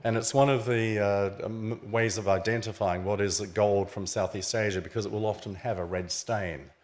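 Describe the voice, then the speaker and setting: At a museum event venue, a man with a lowish, steady voice gives an illustrated book launch lecture at normal speed. As the author, he explains the objects on his slides conversationally.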